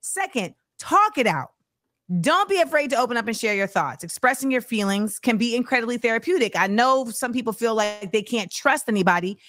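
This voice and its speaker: A woman hosting a talk show in casual chat, animated, laughing and slipping into slang. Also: a little high, a little fast, dry recording, clean studio sound. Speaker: host.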